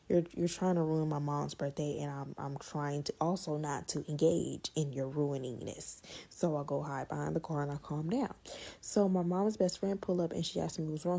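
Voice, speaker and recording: A woman telling a casual storytime, animated and blunt, swearing freely and repeating words for effect. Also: low-pitched, creaky.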